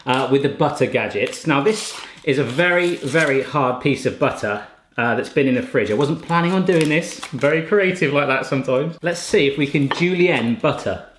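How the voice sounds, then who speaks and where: Excitable man in an echoey kitchen. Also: medium pitch, moderate pace, slight background noise. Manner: excitable, exclaims often. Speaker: gadget-testing host. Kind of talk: casual chat. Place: home kitchen.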